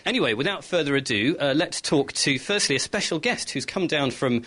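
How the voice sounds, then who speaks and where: A man's voice: on the high side, animated, a little fast, fairly bright tone. A man reporting from a home kitchen, upbeat and enthusiastic as he introduces guests. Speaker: field reporter. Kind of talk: on-location reporting.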